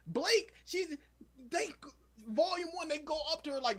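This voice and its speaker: A young man co-hosting a podcast in casual chat, animated and acting out scenes in quoted voices. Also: very high-pitched, moderate pace. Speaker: podcast co-host.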